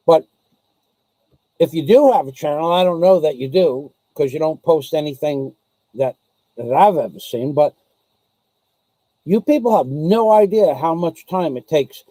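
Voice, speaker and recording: A man's voice: fairly high pitch, expressive, moderate pace, dark tone, no room sound, poor audio. A man vlogging to camera, ranting with sarcasm in a casual way.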